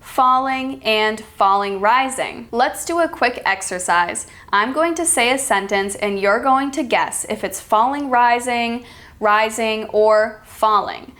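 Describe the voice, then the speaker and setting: American woman accent coach, slightly high voice, clear deliberate delivery for learners. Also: a bit bright. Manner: calls herself extremely sarcastic. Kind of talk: teaching lesson with read-aloud examples.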